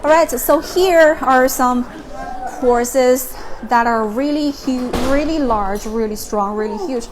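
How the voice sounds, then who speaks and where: Woman, slow unhurried talk, slightly high voice, noisy outdoor ambience. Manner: chatty, playful, switches between English and Mandarin. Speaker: travel vlog host. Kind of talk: casual on-location chat. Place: outdoors at a horse farm.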